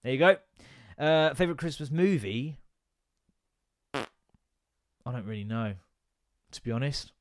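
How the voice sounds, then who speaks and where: A man's voice: medium pitch, animated, unhurried, long pauses. A man in his thirties hosting a solo comedy podcast, ranting and swearing with self-mocking asides.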